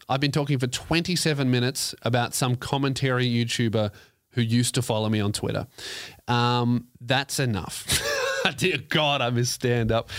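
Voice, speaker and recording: Foul-mouthed podcast host. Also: male voice, mid-range voice, fairly bright tone, dry recording, studio quality. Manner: unfiltered, swears freely, rambling asides. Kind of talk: casual solo podcast chat.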